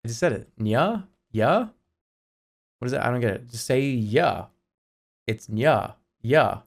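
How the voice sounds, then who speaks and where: A man's voice: medium pitch, expressive, measured pace, gravelly. A man in his forties chatting casually on a live stream, joking and often laughing. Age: 40s. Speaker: livestreamer.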